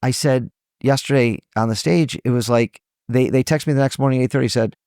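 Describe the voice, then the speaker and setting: A man's voice: medium pitch, a little fast, creaky, darkish tone, clean tone, dry recording, clean studio sound. A man, a trial lawyer guest on a podcast interview, speaking earnestly and emotionally, his voice rising when he stresses a point.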